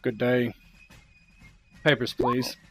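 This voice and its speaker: A man's voice: medium pitch, flat delivery, slow pace. A man voicing a suspicious redcoat soldier who questions travellers in curt, probing lines. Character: suspicious male redcoat soldier checking papers.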